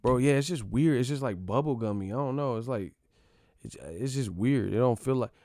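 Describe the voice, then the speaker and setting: A man's voice: medium pitch, expressive, normal speed, dark tone, no echo. Profane, mocking man with a dry sound. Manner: profane, mocking, rambling slang-heavy talk. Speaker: boxing channel host. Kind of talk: casual rant to camera.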